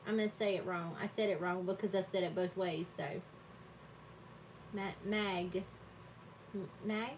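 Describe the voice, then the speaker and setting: A woman's voice: mid-range voice, fairly even intonation, measured pace, long pauses, distant mic, slight background noise, rough recording. A woman hosting a live stream from her home desk, chatting casually and laughing often at herself. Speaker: livestream host. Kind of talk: casual chat while journaling.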